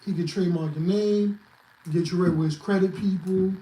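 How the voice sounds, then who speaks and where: High-voiced blunt, profane man. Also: steady tone, moderate pace, dark tone, echoey room, rough recording. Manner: blunt, profane, emphatic advice-giving. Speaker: guest. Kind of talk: casual livestream chat.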